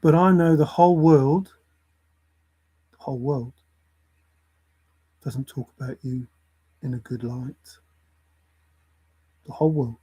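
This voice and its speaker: Husky, lecturing man. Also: mid-range voice, fairly even intonation, slow, long pauses, dark tone, low-quality recording. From England. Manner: lecturing, repeats points for emphasis. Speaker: vlogger. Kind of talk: opinion rant to camera.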